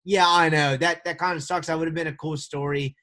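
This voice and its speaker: Animated man co-hosting a sports podcast. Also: on the high side. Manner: animated, joking, quick restarts. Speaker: podcast co-host. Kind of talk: casual sports podcast chat.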